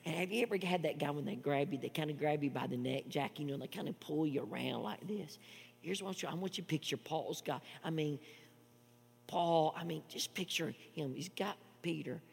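A man preaching a sermon as pastor, emphatic and full of repetitions, swinging between loud declarations and hushed asides. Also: fairly high pitch, fairly quick, gravelly, slightly rough, in a large hall.

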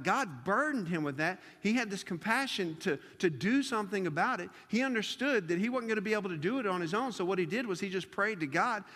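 A man with a fairly high voice preaches to his congregation, hammering points through repetition and pointed rhetorical questions. His words ring out with a long reverb tail from a large worship space. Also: fairly bright tone. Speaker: pastor. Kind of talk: sermon. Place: church service before a congregation.

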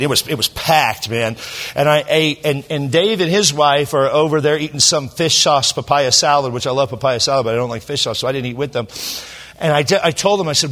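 A middle-aged man from Southern California, a pastor telling a personal story in a sermon, emotional and halting with many restarts. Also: mid-range voice, fairly bright tone.

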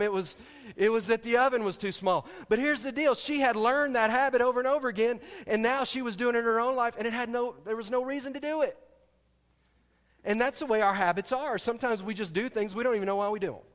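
A man's voice: high voice, a bit bright. A middle-aged man preaching a sermon as pastor, telling stories, asking the congregation questions and adding joking asides. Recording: long hall reverb.

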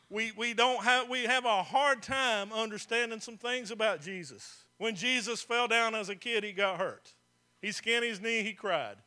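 A man's voice: high voice, pushed and bright. A man preaching a sermon as pastor, talking to the congregation in a conversational way, asking them questions and repeating phrases for emphasis.

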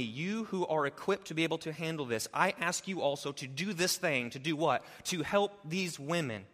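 Preaching man in a reverberant church. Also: on the high side. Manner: builds from quiet to loud emphatic preaching. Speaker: pastor. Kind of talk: expository sermon.

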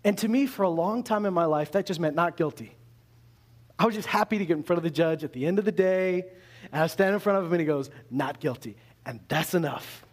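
A man from Canada with a high voice, preaching a sermon. He talks in a conversational, animated way and keeps asking his listeners questions. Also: fast. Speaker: pastor.

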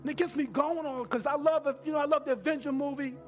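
A man preaches with an unusually high voice. He swings from hushed talk to shouted lines and throws questions to the congregation for them to answer. Soft music plays faintly behind him. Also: fairly even intonation, fast. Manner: builds from quiet to shouting, call-and-response questions. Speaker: pastor. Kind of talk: sermon.

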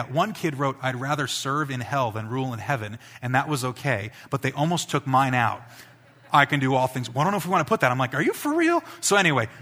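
A male pastor giving a conversational sermon, building to emphatic peaks and dropping to quiet asides. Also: medium pitch.

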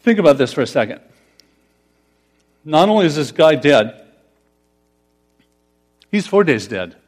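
A man's voice: fairly high pitch, sing-song, measured pace. A pastor preaching a conversational sermon, putting questions to his congregation. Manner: conversational, asks the congregation questions, laughs often.

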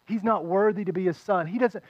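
A man pastor preaching a sermon, retelling a story with animated delivery and acting out the characters' voices. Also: sits high, a little fast, no room sound, lo-fi sound.

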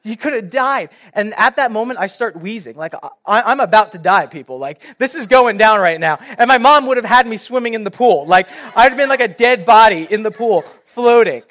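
A young man, a youth pastor, giving a sermon and telling a personal story in a casual, animated way. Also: high-pitched, fairly quick, hardly any pauses.

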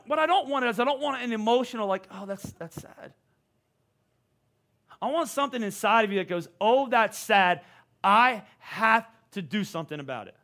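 A male pastor in his forties preaching with a high, bright voice. He speaks with eager energy and often stumbles over repeated words as he drives a point home. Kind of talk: sermon.

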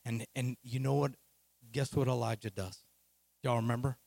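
A man preaching a sermon as a lively, casual, slangy retelling of a story. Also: mid-range voice, moderate pace, gravelly, no room sound.

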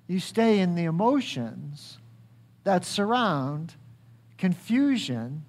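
A man preaching a sermon, asking the congregation questions and acting out quoted speech, swinging high and dropping low for emphasis. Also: sing-song, takes it slowly, a little mellow. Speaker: pastor.

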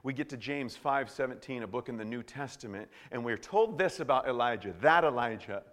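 A man preaching a sermon in an animated way, swinging from hushed to loud. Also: medium pitch, a little fast, big-room sound. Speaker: pastor.

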